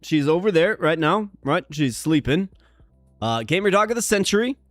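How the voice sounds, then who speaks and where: Male game streamer, lively swooping pitch, fairly high voice, playful chat, dry sound, faint music behind. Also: moderate pace, dry recording. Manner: animated, playful and chatty, talking to viewers. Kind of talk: casual live-stream commentary.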